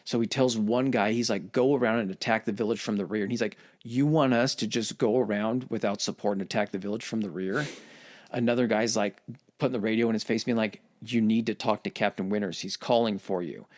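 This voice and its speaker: A man's voice: on the low side, fairly even intonation, brisk. A man casually retelling war history on a podcast, swearing and acting out quotes in voices. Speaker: podcast host.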